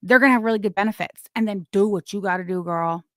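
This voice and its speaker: A woman hosting a live stream, giving casual gossip commentary in a blunt, crude way with sudden loud, excited bursts. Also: mid-range voice, quick pace, no room sound, studio quality. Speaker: livestream host.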